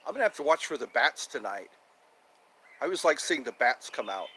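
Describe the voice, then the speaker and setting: A man's voice: mid-range voice, sing-song, a little fast, sharp tone, slight background noise. Chatty cheerful man streaming outdoors. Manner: cheerful, chatty, repeats himself. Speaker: livestream host. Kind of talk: casual live chat with viewers. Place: outdoors in nature with birdsong. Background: birds chirping.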